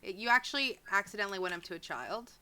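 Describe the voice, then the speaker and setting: A woman running a tabletop game as game master, narrating slowly with many hesitations. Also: mid-range voice, animated, noisy background. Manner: slow, hesitant, many fillers.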